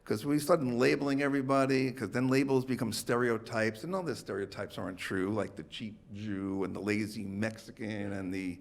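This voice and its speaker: Gravelly-voiced man doing stand-up. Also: fairly low pitch. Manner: rambling, lots of fillers. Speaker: stand-up comic. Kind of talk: stand-up set.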